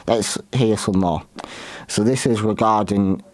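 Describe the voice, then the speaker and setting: Low-voiced man, halting commentary. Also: darkish tone, no echo. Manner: halting, frequent restarts and fillers. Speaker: podcast host. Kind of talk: unscripted history commentary.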